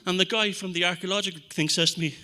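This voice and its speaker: Man speaking to an audience, very bright tense voice, animated, swears a lot, acts out quotes. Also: high-pitched, fast talker. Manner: animated, profane storytelling with acted-out quotes. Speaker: speaker at a talk. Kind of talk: anecdotal public talk to an audience.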